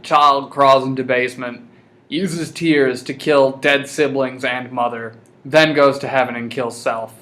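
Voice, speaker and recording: A man's voice: medium pitch, steady tone, unhurried, fairly bright tone. A young man co-hosting a podcast, teasing and swearing freely in casual comedic chat. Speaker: podcast co-host.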